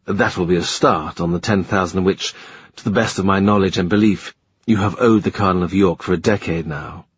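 A man reading the lines of a shrewd, dry-witted middle-aged statesman in a measured, wry way. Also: low voice, fairly even intonation, husky, no echo. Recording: slightly muffled dry recording.

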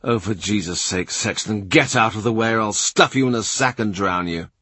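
A man's voice: on the low side, normal speed, bright, forceful tone, breathy edge, no echo. A man as a curt, impatient official. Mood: exasperated.

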